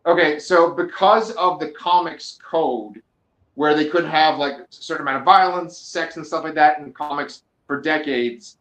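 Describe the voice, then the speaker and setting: A man's voice: a little high, moderate pace. Joking, foul-mouthed man in an echoey room. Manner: profane, joking, animated storytelling. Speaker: podcast co-host. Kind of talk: casual chat.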